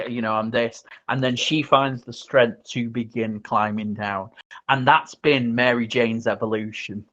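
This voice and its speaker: A man's voice: mid-range voice, moderate pace, lo-fi sound. A man hosting a podcast, casually retelling a film scene with lots of ums and restarts. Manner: animated retelling, acts out quotes, many ums and restarts. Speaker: podcast host.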